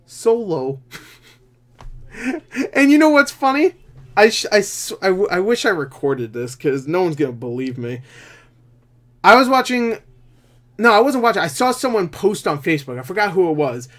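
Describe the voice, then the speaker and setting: Rambling, higher-voiced male movie reviewer. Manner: rambling, filler-heavy, swears casually; excitable, quick shifts in loudness and pitch. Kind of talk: casual spoiler review talk.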